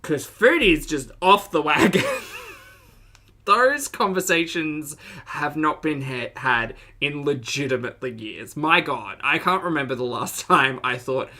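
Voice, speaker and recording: Brief: woman streamer with a Southern US accent, bright tone, casual reaction chat, laughs a lot and greets viewers. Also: sits low, lively intonation, measured pace. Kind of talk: casual live-stream commentary.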